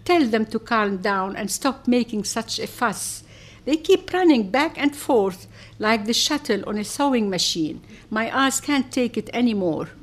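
A woman voicing an irritable mother who complains loudly and with exasperation in a storybook reading. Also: fairly high pitch, animated, a little slow. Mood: exasperated. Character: irritable, shouting middle-aged mother.

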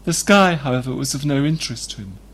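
A man reading a novel aloud in a measured, descriptive way. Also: mid-range voice, lively intonation, a bit bright, breathy edge. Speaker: reader.

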